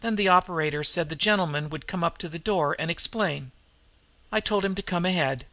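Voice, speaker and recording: A man voicing a talkative middle-aged male manservant, telling his story in a brisk, folksy way. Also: a little high, sharp tone, dry recording. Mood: chatty. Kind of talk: audiobook character reading.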